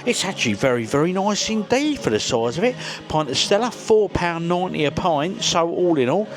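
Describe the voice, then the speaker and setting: A man's voice: high-pitched, very animated, a little fast, over music, rough recording. A man vlogging casually to camera, jokey and chatty, talking straight to his viewers. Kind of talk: casual vlog talk to camera. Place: outdoors on a town street and in a pub.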